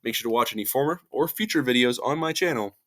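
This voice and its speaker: A man's voice: medium pitch, animated, fast talker, fairly bright tone. A young man YouTuber giving casual, rambling commentary and laughing at himself as he goes.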